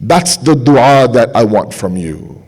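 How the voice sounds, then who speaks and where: A man's voice: medium pitch, big pitch swings, slow pace. Impassioned man giving a sermon. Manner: impassioned, repeats phrases for emphasis, drops to quiet intensity. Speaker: speaker at a religious gathering.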